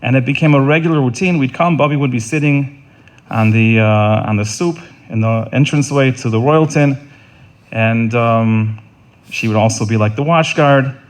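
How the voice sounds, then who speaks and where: A middle-aged man delivering a funeral eulogy in an earnest, halting way, often repeating words and restarting. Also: mid-range voice. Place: funeral service.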